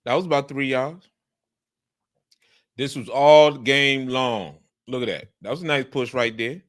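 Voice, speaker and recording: A man's voice: mid-range voice, unhurried. A man breaking down football game film in casual commentary, repeating his points and speaking with an emphatic coaching tone. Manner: repetitive, emphatic, coaching tone, breaks into animated outbursts.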